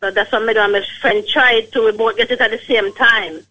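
A woman's voice: a little high, fairly even intonation, fairly quick, sharp tone. A woman caller with a Jamaican accent, eagerly giving a patois testimonial. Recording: phone call on radio.

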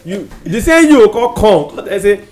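A man's voice: high-pitched, sing-song, unhurried, crowd noise. A man with a Nigerian accent hosting a newspaper review show, joking and laughing often in casual banter.

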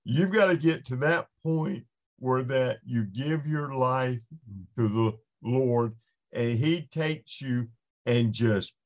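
A man, a podcast guest, giving an impassioned faith testimony in an earnest storytelling manner with frequent restarts. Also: medium pitch.

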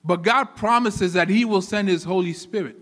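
A high, bright-voiced man preaches in a church, animated and often repeating words as he builds toward each point. His voice rings with long reverb from the hall around him. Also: normal speed. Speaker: pastor. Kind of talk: sermon.

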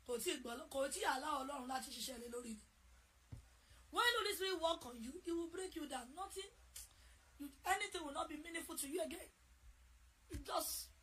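A woman preacher with a high, bright, ringing voice. She leads prayer with fervent, chanted force, then drops into brisk, chatty exhortation. Her delivery is a sermon throughout. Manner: fervent, swings from loud chanted prayer to quick conversational exhortation.

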